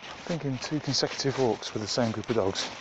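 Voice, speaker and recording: A man vlogging casually while walking dogs on a muddy country path, chatting to the camera between loud calls to his dogs. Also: mid-range voice, a little fast. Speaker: dog walker. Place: outdoors on a muddy rural path. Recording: muffled outdoor recording with background noise.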